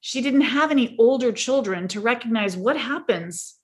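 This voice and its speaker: A middle-aged woman, a parenting and team-building coach, speaking as a guest and telling stories in an earnest, animated way. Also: a little high, normal speed. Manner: earnest, animated storyteller who acts out dialogue. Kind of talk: storytelling conversation.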